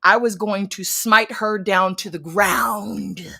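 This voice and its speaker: A woman in her thirties on a casual stream, telling a personal story with loud, expressive outbursts and plenty of swearing. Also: mid-range voice, slow, creaky, slightly rough. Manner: expressive, swears freely, acts out scenes with sudden loud outbursts. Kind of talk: casual chat, animated storytelling.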